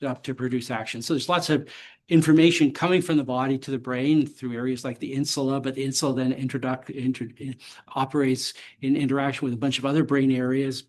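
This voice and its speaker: A man giving a university lecture and answering audience questions, measured and academic with occasional blunt dry humor. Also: medium pitch, fairly even intonation. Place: lecture hall.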